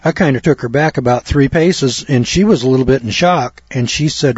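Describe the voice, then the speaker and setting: Man, husky voice, cocky folksy rant, dull dry recording. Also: medium pitch, brisk, few pauses, dry recording. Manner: cocky, ranting, mimics others in quotes. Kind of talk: folksy storytelling monologue.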